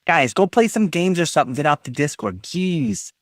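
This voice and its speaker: A man on a live stream reads his chat aloud, reacting and swapping teasing jokes with viewers. His fairly high voice swings widely in pitch at a normal pace, recorded dry with studio quality.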